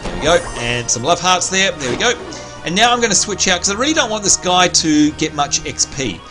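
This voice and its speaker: An Australian man giving live commentary on his gameplay, excitable and prone to sudden high squeals of delight. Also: brisk. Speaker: game streamer. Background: faint game music.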